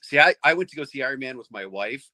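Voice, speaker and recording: A middle-aged man chatting casually as a comics fan, rambling and excited, with lots of restarts. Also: mid-range voice, fast, no room sound. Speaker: comics fan on a panel show. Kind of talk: casual chat.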